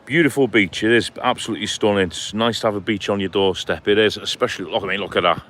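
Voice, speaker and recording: This vlogger speaks fast in a lowish, fairly bright voice. Walking along a seaside clifftop with his phone, he keeps up a casual, matey live-stream chat, reading messages and calling his viewers by name.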